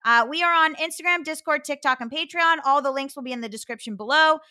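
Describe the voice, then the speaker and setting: An American woman hosting a podcast, chatting excitably and laughing often. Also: high-pitched, fast talker. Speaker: podcast host. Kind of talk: casual podcast chat.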